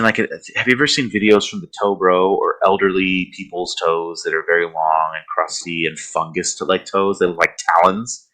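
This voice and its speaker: Man with a bright, forceful voice. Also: sits low, rough recording. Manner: rambling storytelling with fillers. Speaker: podcast co-host. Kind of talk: casual horror podcast recap.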